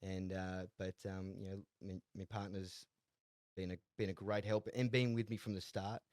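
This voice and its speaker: A young Australian man with a lowish voice, talking in a loose, rambling way and stumbling over repeated words. He laughs easily while spinning stories, and the sound is dry and close with no room around it. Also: little pitch movement, moderate pace, a little mellow, dry recording. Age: 20s. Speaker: guest, jockey and horse trainer. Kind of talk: casual interview storytelling.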